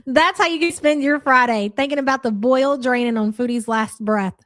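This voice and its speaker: Sarcastic woman host, live reaction stream; fairly high voice, dry close sound. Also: normal speed, fairly bright tone, no echo. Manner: mocking, sarcastic, laughs often.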